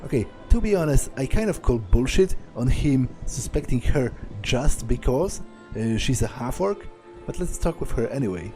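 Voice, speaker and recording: A man's voice: mid-range voice, big pitch swings, normal speed, few pauses, dark tone, faint music behind. A man hosting a game let's play, reading dialogue aloud and thinking through his choices with many fillers. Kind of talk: gameplay commentary.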